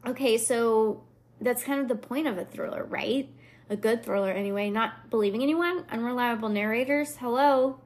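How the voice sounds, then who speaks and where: A woman's voice: fairly high pitch, moderate pace. A woman hosting a podcast, answering book reviews in a sarcastic, playful casual chat. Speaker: podcast host.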